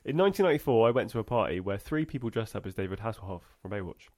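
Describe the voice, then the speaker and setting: Male podcast co-host, lowish voice, easygoing storyteller who laughs a lot. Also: animated, racing, a little mellow. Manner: laughs often, tells stories with a punchline. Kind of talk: casual podcast banter, reading listener stories.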